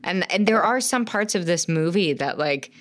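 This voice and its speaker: Excitable woman swearing through a film recap. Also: on the low side. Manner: excitable, swears freely, quick to laugh, acts out quoted lines. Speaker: podcast co-host. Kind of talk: casual chat recapping a film.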